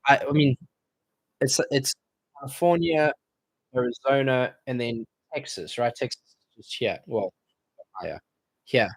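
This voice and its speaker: A man's voice: medium pitch, measured pace, pauses often, breathy edge, no echo. A man hosting a casual live-stream Q&A, reading viewer comments aloud and bantering about them.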